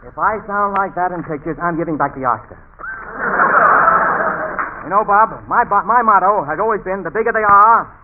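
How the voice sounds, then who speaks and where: A man guesting on a 1940s radio comedy show, giving dry, deadpan comebacks, heard as a tinny, hissy broadcast. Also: sits high, moderate pace, long pauses. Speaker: guest actor.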